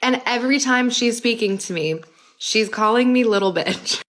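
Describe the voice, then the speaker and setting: A woman's voice: on the high side, normal speed, a bit bright. Chatty young woman telling a story. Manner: chatty, many "like" fillers, wry asides. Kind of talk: casual storytime narration.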